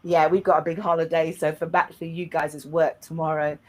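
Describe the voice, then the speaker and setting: A chatty British woman hosts a live online show, her voice sitting a touch lower than most women's. She talks in an upbeat, casual way and drops in plenty of fillers. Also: little pitch movement, a little fast. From United Kingdom. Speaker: host.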